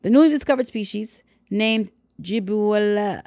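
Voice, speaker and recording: A woman's voice: medium pitch, normal speed, a little mellow, no echo. A woman hosting a podcast, reading a science news story aloud and breaking off with dry, sarcastic asides. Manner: sarcastic, wry commentary. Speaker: podcast host.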